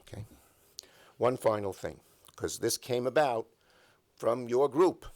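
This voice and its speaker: A man's voice: mid-range voice, animated, takes it slowly, a little mellow. An older man, an elected official, giving an emphatic speech at a breakfast event, telling stories and stacking up repeated phrases at a podium microphone.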